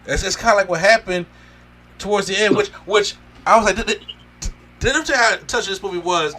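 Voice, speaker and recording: A man hosting a casual movie review podcast, talking excitedly and swearing as he acts out scenes. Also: high voice, brisk. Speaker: podcast host.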